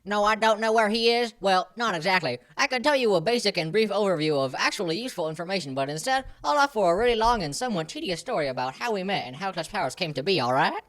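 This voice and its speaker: A woman's voice: mid-range voice, animated, quick pace, few pauses, fairly bright tone, natural voice. A woman voicing a rambling, overdramatic male German film director in a comedy podcast sketch. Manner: overdramatic, long-winded storyteller.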